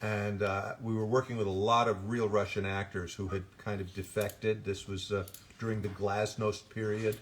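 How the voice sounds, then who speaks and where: An older man with a lowish voice chats casually while signing autographs. He tells winding stories and keeps stopping to restart sentences, with a faint hiss of noise behind him. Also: flat delivery, normal speed. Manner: rambling anecdotes with frequent restarts and self-corrections. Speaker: voice actor guest at an autograph signing. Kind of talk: casual Q&A chat.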